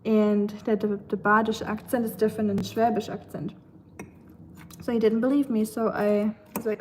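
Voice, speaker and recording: A woman's voice: mid-range voice, flat delivery, normal speed, a little mellow, slight background noise. A woman from Germany with a German accent, casually chatting with viewers while cooking and often laughing as she answers their comments. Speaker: live-stream host. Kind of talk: casual live-stream chat while cooking. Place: home kitchen.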